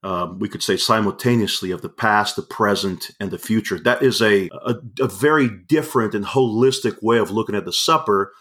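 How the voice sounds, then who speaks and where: A man hosting a podcast conversation, speaking in a measured way and affirming his guest. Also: on the low side, fairly bright tone. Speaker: podcast host.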